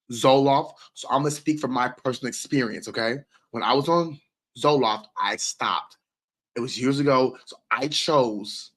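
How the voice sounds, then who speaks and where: A man's voice: medium pitch, a bit bright. A man hosting a casual livestream, talking straight to his viewers about their comments. He is emphatic and repetitive, hammering points home and swearing freely, in a mid-range voice. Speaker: livestream host.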